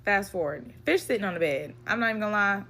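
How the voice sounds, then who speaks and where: A young adult woman telling a real-life story in a blunt, profane, animated way, acting out the dialogue. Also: medium pitch, fast talker, slight background noise. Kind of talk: casual storytime vent.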